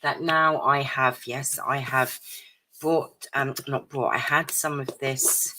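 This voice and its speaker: A woman chatting through a craft live stream at her home desk, a little croaky and out of breath, with lots of ums. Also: a bass voice, fairly even intonation, takes it slowly, noisy background. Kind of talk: casual craft chat.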